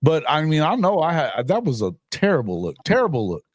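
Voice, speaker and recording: A middle-aged man talks sports with a noticeably lively, up-and-down delivery in a slightly higher register. He chats casually and laughs easily, sounding like a podcast host on a dry, close remote mic. His speech is loose and swears freely. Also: brisk, no echo. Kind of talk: casual chat. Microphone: remote call mic.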